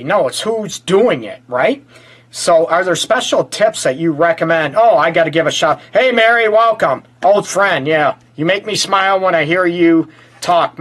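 A man from the Detroit area hosting a casual relationship talk show, interjecting and joking as a counselor. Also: a little high. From Detroit area, USA. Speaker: host and counselor.

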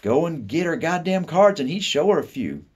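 A man reading a story aloud, voicing a mischievous eleven-year-old boy in a raised, loud, gleeful voice. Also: a little high, sing-song, moderate pace, breathy edge, pitched above the performer's own voice.

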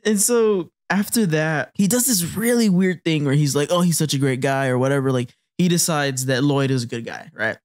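A man's voice: fairly high pitch, normal speed, hardly any pauses. A man co-hosting a podcast, chatting casually and recapping an anime, laughing often and acting out character lines. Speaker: podcast co-host.

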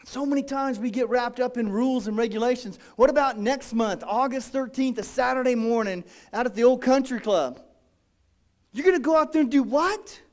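A pastor preaches with a high, light voice for a man. He speaks in an animated, dramatic style and often acts out the voices of his congregation. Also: normal speed. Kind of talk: sermon.

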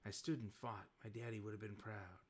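A man's voice: on the low side, level tone, brisk, breathy edge. A man reading a comic aloud and voicing a young male mutant who defends himself earnestly.

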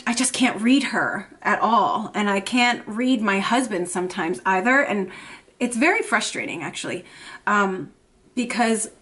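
Woman in her thirties, tearful anxious vlog talk, halting, repeats herself, lots of "like", a little high-pitched. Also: fairly bright tone. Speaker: vlogger and mother. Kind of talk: emotional personal vlog talk.

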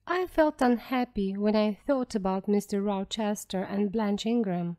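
A woman narrating a storybook for English learners in a careful, clear reading. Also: mid-range voice, measured pace, few pauses, darkish tone.

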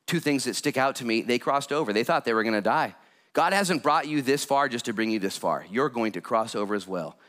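Guy pastor preaching, animated and jokey, gets loud out of nowhere. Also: mid-range voice, a little fast. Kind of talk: sermon.

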